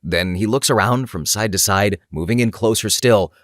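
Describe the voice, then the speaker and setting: A man reading anecdotes aloud as a story narrator, animated and swinging up into quoted lines. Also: lowish voice, normal speed, hardly any pauses, no echo, studio quality.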